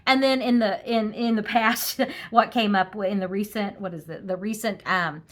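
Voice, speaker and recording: A woman's voice: medium pitch, normal speed, fairly bright tone. A woman reading tarot cards on camera, talking casually in a snarky, laughing way, with frequent ums and restarts. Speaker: tarot reader. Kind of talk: casual political tarot commentary.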